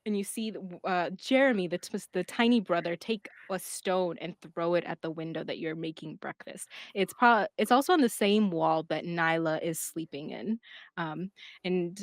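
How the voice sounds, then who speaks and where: A woman narrating as game master in a tabletop game, describing scenes gently with many fillers. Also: on the low side, normal speed, no room sound, studio quality.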